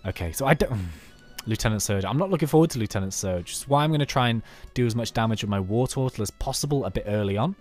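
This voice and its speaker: A man's voice: on the low side, fast, soft background music. A man from the United Kingdom talking through a game in a chatty, rambling let's play. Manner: chatty, animated, rambling asides. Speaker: YouTube let's play host. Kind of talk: casual gameplay commentary.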